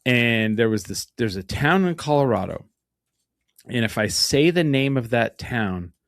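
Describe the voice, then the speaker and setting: A man's voice: medium pitch, animated, measured pace, fairly bright tone, no room sound, clean studio sound. A man from Eastern New Mexico hosting a podcast in casual chat, rambling through stories and swearing freely. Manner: rambling storyteller, swears freely, slips into a twangy West Texas voice for quotes. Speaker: podcast host.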